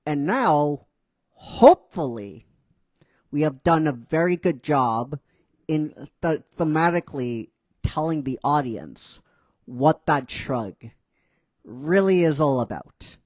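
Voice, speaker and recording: A man talks through his own story at an unhurried, slow pace, rambling with plenty of fillers and self-corrections. His voice sits a touch high for a man and is recorded dry and close. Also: big pitch swings, darkish tone, dry recording. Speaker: writer narrating his own fan script. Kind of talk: casual storytelling.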